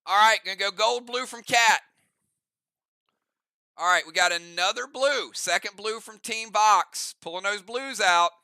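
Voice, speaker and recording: High, bright-voiced male game master. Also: measured pace, clean tone, no room sound. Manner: casual, chatty, rambling asides. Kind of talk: narrating an online role-play game.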